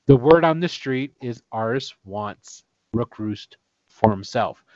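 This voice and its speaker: A man's voice: medium pitch, animated, slow, darkish tone, dry recording. A man narrating a tabletop game as game master, loose and chatty. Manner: loose, chatty, laughs often. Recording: dull, dry recording.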